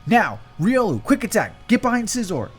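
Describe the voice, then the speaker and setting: Man doing a young male hero, calm, earnest, firm commands, mid-pitched voice. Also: moderate pace, faint music behind, natural voice. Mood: commanding. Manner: commanding shouts, then steady lecturing.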